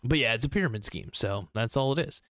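A man's voice: medium pitch, lively intonation, fast talker, a bit bright, no echo, clean studio sound. A man giving casual reaction commentary in a blunt, rambling way, swearing freely and restarting his sentences.

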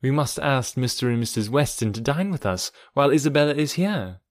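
A man reading a calm, sensible young woman. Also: medium pitch, brisk, no echo, studio quality, lightly acted. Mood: reassuring. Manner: calm, reassuring. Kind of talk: audiobook reading.

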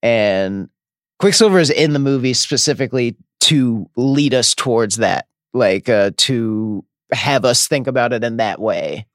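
A man's voice: mid-range voice, animated, a little slow, dry recording, studio quality. A man co-hosting a podcast, chatting loosely about a film with lots of fillers like "you know" and "like". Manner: loose, filler-heavy, laughs easily. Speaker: podcast co-host. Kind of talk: casual film discussion.

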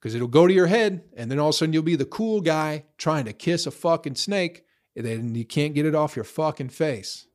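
A man's voice: on the high side, animated, brisk. A young man in a profane, rambling casual rant, blunt, tossing in "bro" and "you know" often. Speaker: vlogger.

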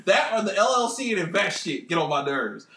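A man's voice: brisk, reverberant, slight background noise. A man co-hosting a podcast, ranting in casual banter with a mocking, profane, laughing delivery. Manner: animated, profane, mocking rants with big pitch jumps and laughs. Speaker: podcast co-host.

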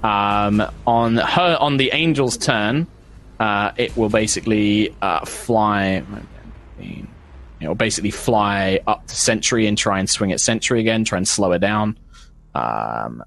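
A man's voice: lowish voice, unhurried, vocal fry, a bit bright. A man narrating as game master of a tabletop game, rambling with many fillers and restarts.

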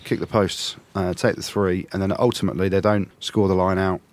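A man's voice: low voice, level tone, a little fast. Chatty man talking rugby. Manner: chatty, laughs easily, rambling analysis. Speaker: podcast host. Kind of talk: casual rugby chat.

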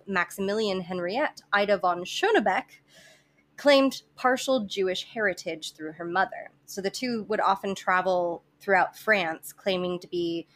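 A woman's voice: mid-range voice, fairly bright tone. A woman host telling a history story on a podcast, casual and joking between facts. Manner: storytelling with asides and laughter.

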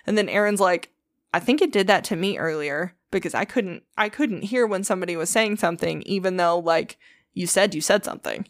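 Animated woman telling a story. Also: medium pitch, a little fast, dry recording, clean studio sound. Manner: animated retelling, swearing, acts out quotes. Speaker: podcast host. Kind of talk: casual storytelling chat.

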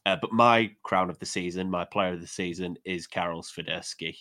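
Low-voiced English man, hesitant. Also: moderate pace, sharp tone. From England. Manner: self-deprecating, hesitant with many restarts. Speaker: podcast co-host, football analyst. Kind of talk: casual sports podcast chat.

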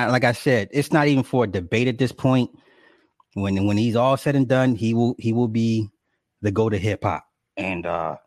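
A man's voice: mid-range voice, no room sound. A young man at home telling his viewers a story in a casual rant, indignant and exaggerated, swearing and laughing often. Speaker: livestreamer talking to viewers.

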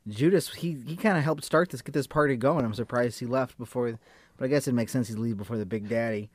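A man's voice: mid-range voice, fast talker, no room sound. A man co-hosting a podcast, chiming in with jokes and casual reactions. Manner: jokey, chimes in with quips. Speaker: podcast co-host.

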